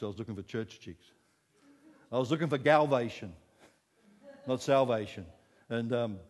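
A Scottish man in his sixties preaching a sermon, telling the story with lively acted-out voices. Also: medium pitch, big-room sound. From Scotland. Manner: animated storytelling, acting out voices.

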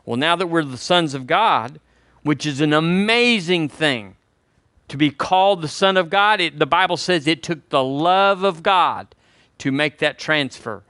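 A man's voice: on the high side, measured pace, bright, forceful tone, no room sound. An older man, preaching a sermon to his congregation in a folksy, conversational way. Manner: folksy, conversational preaching with y'all and homespun examples. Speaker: pastor.

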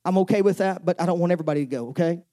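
A man's voice: sits high, racing, dark tone. A man preaching a sermon as pastor, openly emotional, often stumbling over and repeating words as he presses his point.

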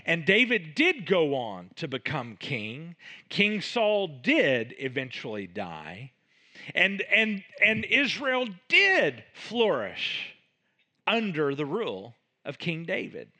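A male pastor delivering a sermon, reading scripture and voicing its speakers with dramatic shifts in loudness. His pitch moves a great deal and sits a little high for a man. He speaks slowly, with a bright, forward tone. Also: huge pitch swings. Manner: reads scripture aloud with dramatic swings in volume and pitch.

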